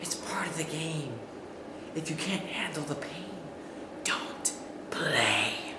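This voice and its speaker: A young man voicing an angry male paintball bully who is out for blood, shouting, heard in an echoey hall with faint background noise. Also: a little high, expressive, takes it slowly, voice pushed down. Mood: cold.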